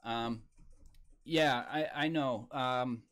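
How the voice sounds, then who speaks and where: A man's voice: medium pitch, very slow, a bit bright. Laid-back man hosting a live stream. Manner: laid-back, reads viewer comments aloud. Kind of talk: casual live-stream chat.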